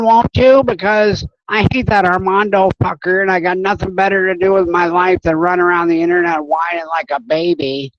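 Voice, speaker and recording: A man mimicking a petulant online crybaby, pitched high and pleading in a whining tone. The recording sounds dull and lo-fi. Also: dry recording. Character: whiny adult male internet complainer, petulant tattletale.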